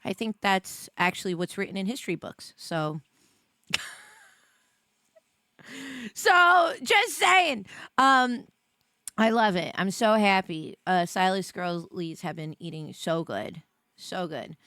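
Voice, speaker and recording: An American woman streamer chatting casually on a live stream, jet-lagged and tired, rambling with many fillers and bursts of excitement. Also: lowish voice, measured pace, clear, resonant tone, no room sound, studio quality. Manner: excitable, rambling, many fillers, swings between mumbling and squealing.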